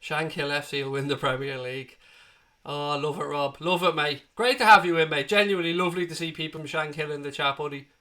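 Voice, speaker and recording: Man, high-pitched, very bright tone, live football watchalong host, excitable, swearing, cheering. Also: fast talker. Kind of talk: live match commentary and chat. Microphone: desk microphone.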